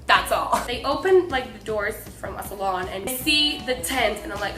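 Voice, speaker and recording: A young woman from Mexico excitedly telling a fan story to camera, breathless and bubbly, full of "like". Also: medium pitch, moderate pace. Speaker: vlogger. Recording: echoey room with faint music.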